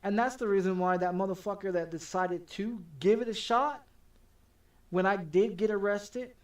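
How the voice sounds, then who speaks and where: Man, game streamer, high-pitched, profane, heated, stammering repeats, slightly distant mic. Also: normal speed. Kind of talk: casual storytelling while streaming.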